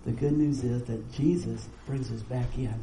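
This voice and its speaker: A middle-aged man, preaching a sermon in a folksy, storytelling way with quick asides. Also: medium pitch, steady tone, creaky, warm tone, reverberant, a little hiss or hum, rough recording. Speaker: pastor.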